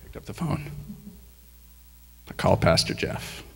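A man giving a sermon testimony at church, telling his story with excitement and acting out the dialogue. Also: a little slow. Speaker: guest speaker sharing a testimony. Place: church sanctuary. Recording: long church hall reverb.

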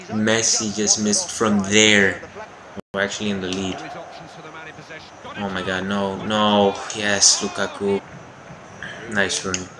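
A young man giving loud, profane, excitable live commentary on his own football video game match. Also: lowish voice. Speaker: gaming YouTuber.

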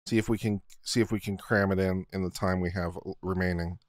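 A man's voice: low voice, steady tone, a little fast, no room sound, studio quality. A man hosting a live legal commentary stream, chatting casually and muttering to himself as he sets up a video feed.

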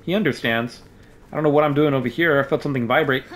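Speaking at a quick pace in a medium, somewhat bright voice, a male gaming YouTuber gives playful, jokey let's-play commentary at home. He yelps when something startles him, and a desk microphone captures him in his room.

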